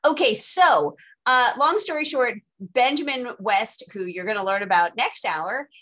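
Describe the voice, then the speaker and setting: A woman's voice: fairly high pitch, animated, unhurried, sharp tone. A woman teaching a casual live online lecture, talking informally and chattily with dry, sarcastic asides.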